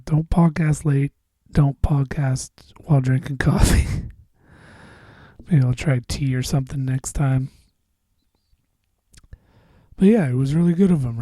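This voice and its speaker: Close-miked and dry, with no room sound, a man with a deep, dark, mellow voice hosts a casual solo podcast. He wanders from point to point, swears liberally, and lapses into mumbles.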